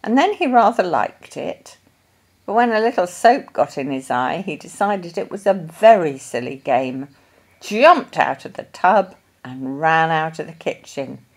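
A woman reading an old children's story aloud in a gentle, deliberate way. Her pace is unhurried, and her pitch moves expressively through the sentences. Her voice sits a little low for a woman. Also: sing-song, breathy edge. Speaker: storybook reader.

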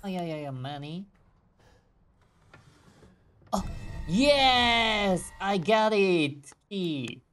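Excitable woman streamer reacting to gameplay. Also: medium pitch, extremely slow, long pauses, soft background music. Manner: excitable reactions, switching between Japanese and English. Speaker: game streamer. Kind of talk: live gameplay commentary.

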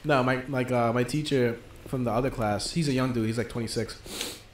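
A man's voice: medium pitch, moderate pace. A man bantering and telling crude stories while watching a friend play a game, with lots of laughing. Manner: animated, crude, laughing storyteller. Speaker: co-host of a game stream. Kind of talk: casual banter while gaming. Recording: echoey room with faint noise.

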